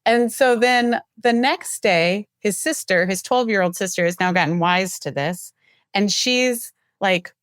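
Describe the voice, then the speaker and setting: A woman's voice: medium pitch, unhurried, no room sound, studio quality. A woman guest on an interview show, telling stories and acting out the quoted dialogue in them. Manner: lively storyteller who acts out quoted dialogue. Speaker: marketing executive, guest. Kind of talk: casual interview storytelling.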